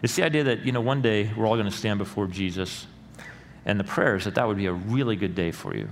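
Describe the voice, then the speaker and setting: A middle-aged male pastor preaching a sermon in a church, earnest and rising to loud emphatic peaks. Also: lowish voice, fast talker. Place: church sanctuary. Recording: long hall reverb with faint room noise.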